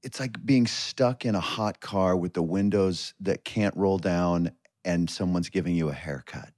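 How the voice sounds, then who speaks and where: A man's voice: sits low, unhurried, darkish tone, no echo. A middle-aged man co-hosting a podcast, telling dry, playful jokes and stories. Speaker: podcast co-host. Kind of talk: casual comedic banter.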